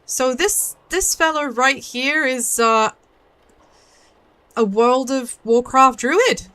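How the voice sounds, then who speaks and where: A woman streams a horror puzzle game, talking casually and joking about the characters. Her voice is bright and lifted a little high. She keeps up a playful, chatty commentary. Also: takes it slowly, dry recording. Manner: chatty, playful, giggly asides. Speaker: VTuber streamer.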